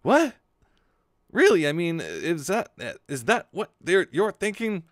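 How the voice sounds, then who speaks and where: A man reads out a nervous teenage boy who keeps squeaking up in alarm, his voice leaping high whenever he protests. The recording is close and dry, with no room sound around it. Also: sing-song, measured pace, no room sound. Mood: startled. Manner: high, shrill and panicky. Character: anxious teenage boy pilot, jumpy and self-doubting.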